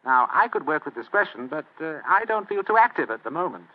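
An actor playing a clever, idle Victorian gentleman in an old radio drama, wry and unhurried. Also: fairly high pitch, very animated. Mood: scheming. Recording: tinny old radio recording.

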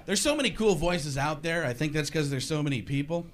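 A man's voice: on the high side, expressive, brisk. A man performing a rambling, punchy stand-up set that keeps slipping into impressions, recorded live with an audience. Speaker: stand-up comedian. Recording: live club, crowd and noise behind. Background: audience laughter.

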